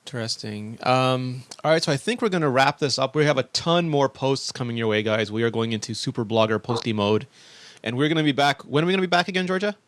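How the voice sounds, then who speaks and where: A man hosting a tech podcast, brisk and joking as he wraps up the show. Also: mid-range voice, animated, fairly bright tone, dry recording. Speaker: host.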